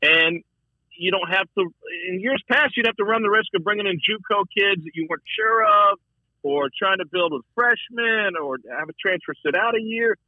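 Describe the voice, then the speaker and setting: A man talking about college football as a broadcaster guest, in a casual, animated way, often repeating words. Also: moderate pace, dry recording. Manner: animated, repeats words, shifts pitch a lot. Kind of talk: casual sports talk. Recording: dry, thin phone-line sound.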